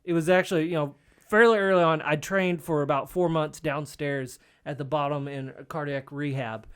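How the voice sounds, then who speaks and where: A man telling an animated story in casual chat, acting out the voices and laughing at himself. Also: a little high, normal speed, smooth.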